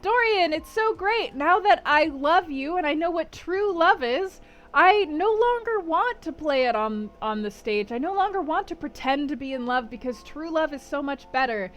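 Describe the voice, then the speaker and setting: A woman's voice: sits high, animated, a little fast, hardly any pauses. A woman voicing a lovestruck young actress in a storybook retelling, gushing and pleading.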